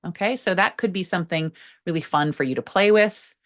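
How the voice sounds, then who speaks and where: A woman who coaches public speaking, explaining a technique in an expressive voice that leans hard on key words. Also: fairly quick. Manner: expressive, stresses key words with pitch swings. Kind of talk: instructional talk to camera.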